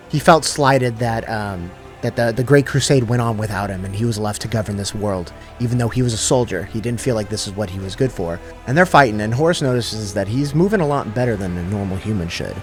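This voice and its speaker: A man recaps a story in a relaxed, slangy way, stumbling over restarts and tossing in filler words. His voice sits fairly low. Soft music plays underneath. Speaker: lore summarizer. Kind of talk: casual lore recap.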